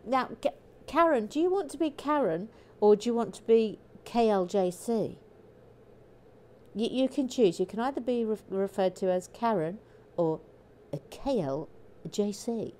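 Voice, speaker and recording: A woman's voice: mid-range voice, expressive, unhurried, warm tone. Chatty, jokey woman, stream host reading out viewer comments mid-build. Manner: chatty, jokey, self-interrupting. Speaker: livestream host building a brick set. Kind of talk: casual chat while reading viewer comments.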